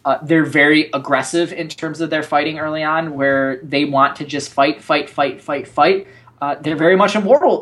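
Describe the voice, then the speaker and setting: A man co-hosting an esports analysis show, giving opinionated, animated breakdowns and acting out what players say. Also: fairly high pitch. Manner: animated, opinionated, acts out quotes. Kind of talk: casual analysis chat.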